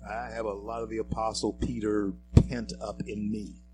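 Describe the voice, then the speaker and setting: Against a noisy background, a male radio host speaks at normal speed in a low-side voice with flat delivery. Still, his political commentary is emphatic and preachy, addressed straight to his listeners as folks and friends.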